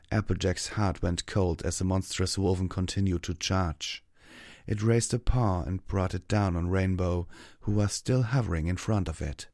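A man reading an action story aloud as narrator, in steady, even scripted narration on a close mic. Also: low voice, dry recording.

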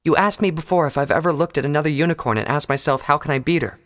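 A man voicing a high, earnest young unicorn mage. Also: rapid-fire, fairly bright tone, lightly acted. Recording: long hall reverb.

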